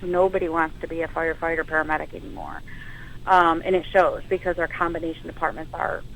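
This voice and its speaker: A woman's voice: sits low, fast, slight background noise, poor audio. Storytelling woman paramedic on web radio. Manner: storytelling, emotional, animated quotes. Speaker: guest firefighter paramedic. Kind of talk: radio interview.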